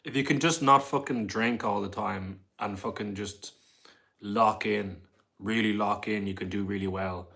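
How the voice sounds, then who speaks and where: A young man in his twenties hosts a casual livestream with a somewhat low voice. He rambles, reads viewer comments aloud and answers them one by one. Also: steady tone, unhurried, gravelly, sharp tone.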